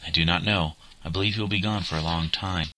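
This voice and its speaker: A man's voice: low voice, fairly even intonation, fast talker, dry recording. A man reading a burdened earnest schoolgirl. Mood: sad. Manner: earnest, reproachful, then gently steadying. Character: diligent, burdened schoolgirl, older sister.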